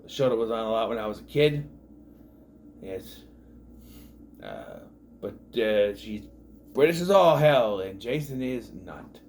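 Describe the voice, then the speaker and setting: A man's voice: on the low side, sing-song, measured pace, long pauses, darkish tone, slight background noise. Rambling, sarcastic man recapping a show. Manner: rambling and sarcastic, with many fillers and asides. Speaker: TV show reviewer. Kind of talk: casual recap commentary.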